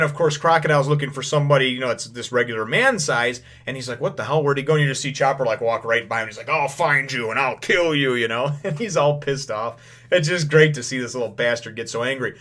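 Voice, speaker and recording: Man, casual recap, rambling, filler-heavy, quick paraphrase of lines, average pitch. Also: fairly bright tone. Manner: rambling, full of filler phrases. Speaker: manga chapter reviewer. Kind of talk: casual first-impressions recap.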